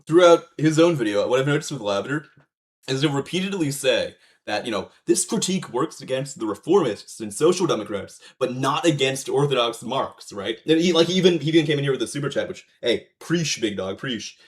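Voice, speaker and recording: A man's voice: mid-range voice, expressive, fairly quick. A man streams live and reacts to a video, talking loosely and profanely. He rambles through fillers and false starts in a mid-range voice. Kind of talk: casual livestream commentary.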